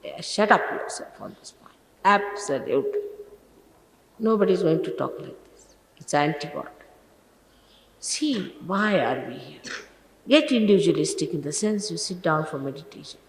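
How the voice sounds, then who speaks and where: A woman, a spiritual teacher, giving an admonishing sermon to her followers in an old archival recording. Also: deep voice. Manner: scolding, admonishing, emphatic. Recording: old archival recording with long reverb and faint hiss.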